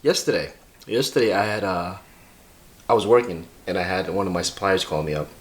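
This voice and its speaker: A man's voice: low voice, brisk. A man with a Boston accent, co-hosting a podcast and telling stories in a rambling, hesitant way with many fillers. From Massachusetts. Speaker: podcast co-host. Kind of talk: casual chat.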